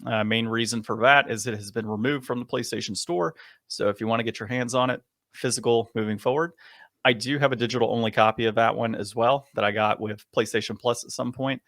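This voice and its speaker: A man co-hosting a podcast, telling a long story in a casual, animated way and chuckling often. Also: mid-range voice, fairly quick, no room sound, studio quality. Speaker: podcast co-host.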